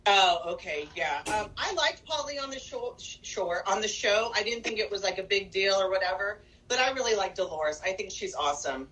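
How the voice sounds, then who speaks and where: A woman's voice: medium pitch, lively intonation, brisk, hardly any pauses, fairly bright tone, slight background noise, rough recording. A woman from California with a cold, co-hosting a podcast in a blunt, opinionated way, swearing casually. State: nasal from a cold. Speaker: podcast co-host.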